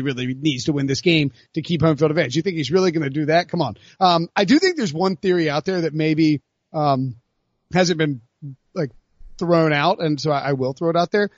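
A man co-hosting a sports podcast in casual chat, rambling and animated with many restarts. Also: a little high, no room sound, dull audio. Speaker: podcast co-host.

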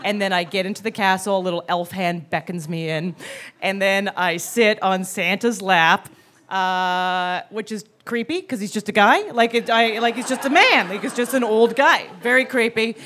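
A woman telling a comic personal story live on stage, acting out childhood scenes with sudden shouts. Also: medium pitch, moderate pace. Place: theater stage before a live audience.

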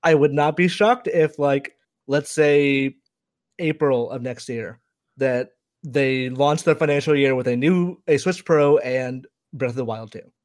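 A man co-hosting a casual gaming news podcast, talking through his views in a measured, analytical way. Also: mid-range voice. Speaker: podcast co-host.

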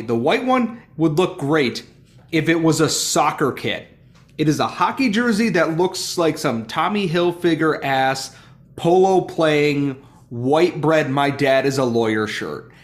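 A man with a fairly high voice that swings widely in pitch. He rants in a loose, joking way, exasperated and animated, like a co-host venting on a sports podcast. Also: unhurried. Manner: animated, ranting, exasperated humor. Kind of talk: casual sports chat.

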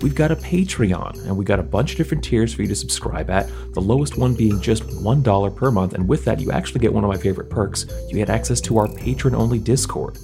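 A man's voice: fairly low pitch, quick pace, creaky, few pauses, over music. A man from the show's cast, talking in an upbeat, chatty way with fillers. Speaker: cast member reading a promo.

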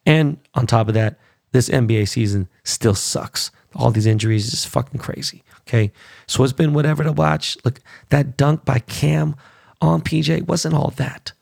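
Gravelly, profane podcast host man. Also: medium pitch, fairly even intonation, moderate pace, darkish tone, no echo, studio quality. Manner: profane, blunt, heated. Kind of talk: casual rant.

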